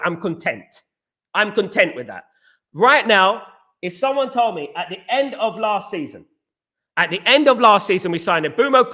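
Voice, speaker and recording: Man, British, live-stream host, casual chat, high voice, emphatic, repeats himself. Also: sharp tone. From Britain. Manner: emphatic, repetitive, reads viewer comments aloud.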